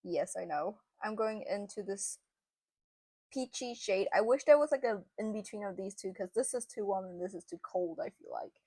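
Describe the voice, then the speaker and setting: A woman's voice: medium pitch, moderate pace, a little mellow, slightly rough, no room sound. Chatty young woman doing a makeup tutorial. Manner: chatty, casual, lots of fillers. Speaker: beauty vlogger.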